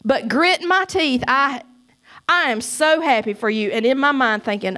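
Speaking at a normal speed in a voice that sits high, a middle-aged woman delivers a church testimony. She's emphatic and preachy, alternating loud cries with quiet asides.

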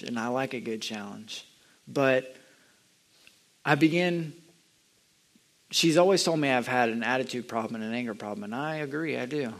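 Earnest young man giving a halting testimony. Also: vocal fry. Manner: earnest and halting, with restarts, rising high and loud when stirred. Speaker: lay speaker sharing a testimony. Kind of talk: personal testimony talk.

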